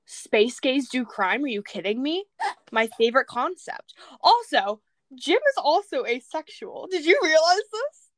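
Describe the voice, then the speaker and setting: Young woman, high voice, dry close sound, gushing and rambling, casual chat retelling a film. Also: measured pace, no room sound. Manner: excitable, rambling, laughs a lot.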